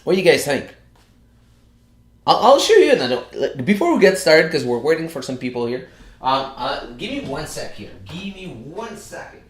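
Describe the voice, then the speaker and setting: A man's voice: a little high, big pitch swings, normal speed. A man chats casually through a live stream, piling up fillers and restarts as he goes. He sounds a little out of breath. The room around him is bare and echoey. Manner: chatty, many fillers and restarts.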